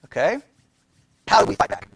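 A man's voice: fairly quick, fairly bright tone, no room sound. A man lecturing a Bible class in a conversational way, quizzing his listeners and repeating key phrases.

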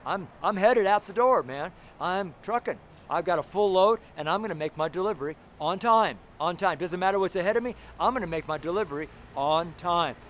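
A man's voice: fairly high pitch, a little hiss or hum. Fervent man preaching on the street. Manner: fervent, emphatic, loud at times. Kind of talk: outdoor street sermon. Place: outdoors by a busy street with trucks passing.

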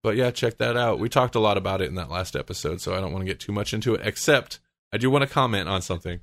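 A man's voice: lowish voice, expressive, quick pace, a bit bright, no echo, clean studio sound. A man hosting a casual podcast chat, rambling with lots of fillers and frequent laughs. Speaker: podcast host.

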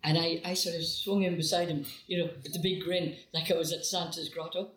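An older Irish woman, a singer, telling stories from her life in a relaxed interview. She acts out the voices of the people she quotes and often breaks into laughter. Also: lowish voice, fairly quick. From Ireland. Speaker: guest singer. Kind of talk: conversational storytelling. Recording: roomy echo with faint ambience.

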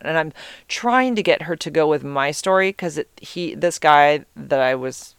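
Rambling middle-aged woman, smooth dry voice. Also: deep voice, expressive, normal speed, no echo. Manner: rambling, easily distracted, swears freely. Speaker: mother telling a personal story. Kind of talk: casual storytelling.

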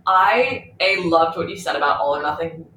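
A podcast co-host in casual conversation, talking fast and chatty and swearing freely. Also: medium pitch, animated, pushed and bright, roomy sound, rough recording.

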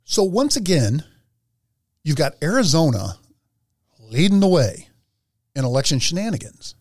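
A man's voice: fairly high pitch, big pitch swings, a little slow, darkish tone, no echo, clean studio sound. A man co-hosting a podcast in casual chat, rambling and laughing as he talks, sometimes reading news items aloud. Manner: rambling, laughs between words. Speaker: podcast co-host.

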